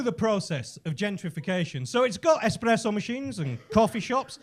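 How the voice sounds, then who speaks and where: A man's voice: high-pitched, big pitch swings, moderate pace, few pauses. A man doing a stand-up routine on a comedy club stage, telling stories with chatty asides. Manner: conversational storytelling with asides.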